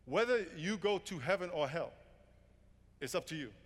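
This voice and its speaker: A man's voice: on the high side, lively intonation, long reverb tail. Man doing a solemn wise old man. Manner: slow, solemn.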